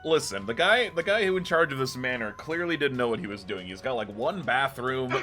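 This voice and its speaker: A man running a tabletop game as game master, relaxed and joking, laughing often. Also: mid-range voice, brisk, music in the background.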